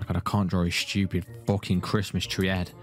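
Young bloke, low voice, swears a lot and jokes to himself, bit of music behind. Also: male voice, little pitch movement, brisk. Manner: swears freely, jokey, talks to himself while drawing. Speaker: video host. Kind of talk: casual gaming banter.

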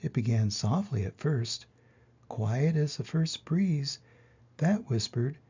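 An older man tells a picture-book story to children, slowly and gently, with dramatic swells. His voice is gravelly, husky, and dark. The recording is slightly dull and lo-fi. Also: medium pitch.

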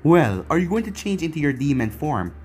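A man's voice: a little high, big pitch swings, brisk, darkish tone, soft background music. Man doing a pompous giant demon overlord. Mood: lordly. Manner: pompous, lordly. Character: enormous demonic male overlord, proud and grand.

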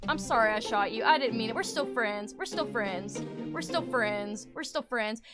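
A young woman streaming a game, talking casually in an excitable, rambling way and swearing often. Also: on the high side, moderate pace, few pauses, over loud music. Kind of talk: casual gaming commentary.

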